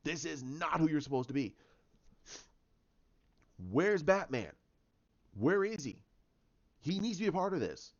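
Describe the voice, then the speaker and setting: A man voicing a frantic male villain, pitched high and urgently pleading. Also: animated, unhurried, pauses often. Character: frantic male villain who knows the truth. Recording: dull lo-fi sound.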